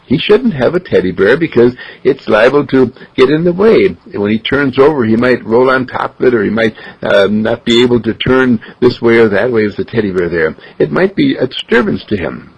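A man's voice: medium pitch, lively intonation, moderate pace, gravelly, few pauses, slightly rough, exaggerated voice. Fretful young mother, as a man puts her on. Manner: fretful, protective. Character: worried young mother, fussy and cautious. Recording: dull lo-fi recording.

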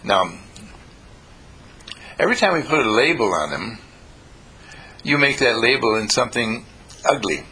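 A man's voice: medium pitch, big pitch swings, measured pace, pauses often, bright, forceful tone, husky, low-quality recording. A man giving a self-help talk, telling stories animatedly and acting out the voices in them. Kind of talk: storytelling talk.

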